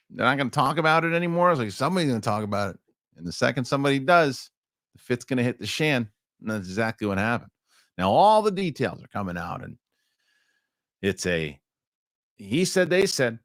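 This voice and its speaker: A man with a mid-range voice co-hosts a live entertainment news show, recorded cleanly in a studio with no echo. He reads news aloud and drifts into casual chat, animated and joking, with plenty of rambling asides.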